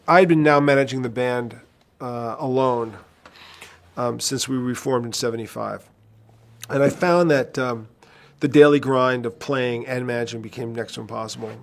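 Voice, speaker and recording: A man's voice: mid-range voice, gravelly. A man who managed a band, telling a long, profane road story in a documentary interview. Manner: animated raconteur, profane, acts out phone calls.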